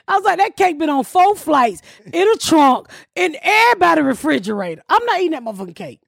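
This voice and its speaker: A woman's voice: high voice, quick pace, gravelly, dry recording. A middle-aged woman, telling a story on a podcast with a lot of swearing and laughter. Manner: profane, animated storytelling with laughter. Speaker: podcast host. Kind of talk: casual storytelling chat.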